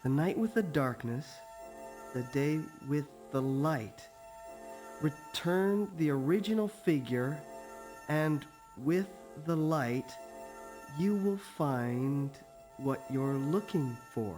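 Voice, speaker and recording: An actor voicing a mysterious spirit in a haunted-mansion video game, reciting riddles in a slow, solemn way. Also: medium pitch, expressive, a little mellow, soft background music. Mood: cryptic.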